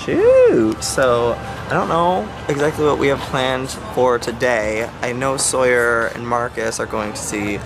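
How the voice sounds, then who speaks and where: A young male vlogger speaks at a measured pace with hardly any pauses. His casual chat is jokey and filler-heavy, with occasional squeals into falsetto, and music plays underneath.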